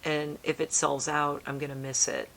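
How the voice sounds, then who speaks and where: Casting: middle-aged woman, low voice, casual rambling vlog chat, faint rumble behind. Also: level tone, normal speed. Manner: rambling, emotional, soft-spoken with laughs. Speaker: vlogger.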